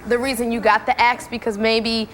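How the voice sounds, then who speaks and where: A woman's voice: a little high, level tone, moderate pace. A woman hosting a reunion show, upbeat and prodding the guests with questions. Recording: loud studio crowd and noise.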